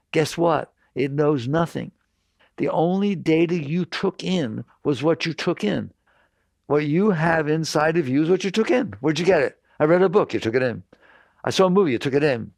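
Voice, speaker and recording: A man's voice: fairly high pitch, gravelly, a little mellow, no room sound. An older man speaking as a spiritual teacher to an audience, direct and insistent, repeating his points. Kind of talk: talk to an audience.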